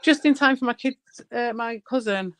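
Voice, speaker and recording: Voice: medium pitch, normal speed, a bit bright, clear, resonant tone, rough recording. Rambling voice, casual chat. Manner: rambling, swears freely.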